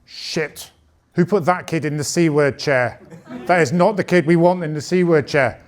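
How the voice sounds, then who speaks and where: A man's voice: on the high side, normal speed. A man in his late fifties doing a bawdy, conversational stand-up comedy set on a club stage, speaking into a handheld mic. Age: 50s. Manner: bawdy, conversational, punchy delivery.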